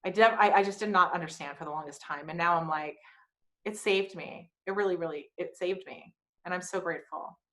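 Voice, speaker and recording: A woman's voice: lowish voice, fairly quick, a bit bright. A woman hosting her own podcast, telling a personal story frankly with swearing and wry asides. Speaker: podcast host.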